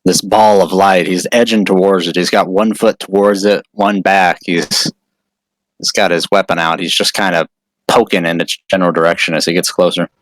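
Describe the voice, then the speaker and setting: A man with a very low voice describing what his character does in a tabletop game. He talks hesitantly, with plenty of fillers, and the sound is dry and close. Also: steady tone, normal speed, fairly bright tone, no echo, low-quality recording. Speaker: player.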